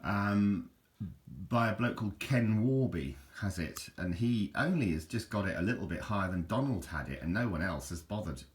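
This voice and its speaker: Male host, deep voice, casual and meandering with lots of restarts. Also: animated, brisk, hardly any pauses. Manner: chatty, hesitant, with frequent restarts. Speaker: video host. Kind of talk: casual rambling commentary over photos.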